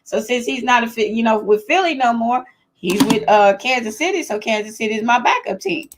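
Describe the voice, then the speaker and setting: A fairly high-voiced woman hosts a casual live-stream chat from home. She is chatty and excitable, laughs often and talks straight to the people watching. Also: brisk, background noise. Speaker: host of a live chat show.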